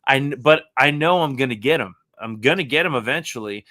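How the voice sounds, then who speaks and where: A man's voice: medium pitch, fairly quick. A man co-hosting a casual podcast chat, ranting with lots of swearing. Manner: animated, profane ranting. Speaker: podcast co-host.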